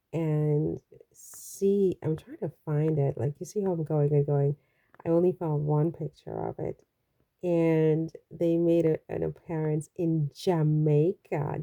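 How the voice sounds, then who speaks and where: Low gravelly woman from the caribbean rambling on her vlog, exclaims a lot. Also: fairly even intonation, slow pace, dark tone. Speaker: royal news vlogger. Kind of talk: casual commentary vlog.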